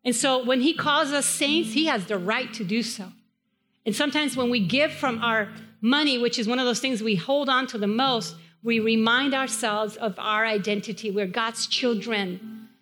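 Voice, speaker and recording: A woman with a Spanish accent preaches a sermon in a chapel. Her voice sits a little high, and she drives each point home by repeating phrases with emphasis. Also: normal speed, fairly bright tone, soft background music. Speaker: pastor. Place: church chapel.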